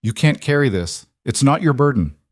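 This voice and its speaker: A man's voice: medium pitch, lively intonation, moderate pace, no echo, clean studio sound, voice pushed up, close to an everyday voice. A man voicing a hurt, fierce young woman, raising his voice and sounding strained, pleading and bitter.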